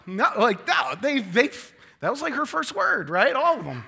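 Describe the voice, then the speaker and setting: A man's voice: very high-pitched, normal speed, vocal fry, hardly any pauses, breathy edge. A man in his thirties preaching a sermon, joking and acting out quoted voices. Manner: animated, joking, acts out quotes in changing voices. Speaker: pastor.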